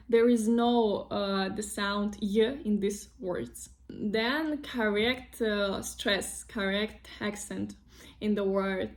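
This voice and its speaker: Russian-accented young woman, language teacher, unhurried delivery, repeats words to drill them. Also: medium pitch, steady tone. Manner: slow, patient, repeats example words several times. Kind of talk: casual online language lesson.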